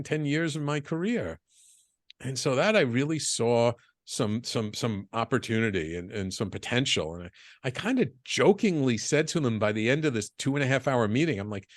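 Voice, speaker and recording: A middle-aged man guesting on a podcast, telling his business story with lively acted-out dialogue and stumbling restarts. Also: medium pitch, brisk, no room sound. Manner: animated storyteller, acts out quoted dialogue, frequent restarts. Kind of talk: storytelling interview.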